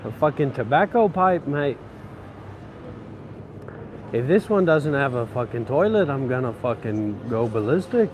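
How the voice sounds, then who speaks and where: A man's voice: medium pitch, sing-song, measured pace, long pauses, darkish tone, slight background noise. Man ranting and swearing outdoors. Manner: frustrated, swearing, grumbling. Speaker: vlogger. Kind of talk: profane ranting vlog. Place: outdoor city streets.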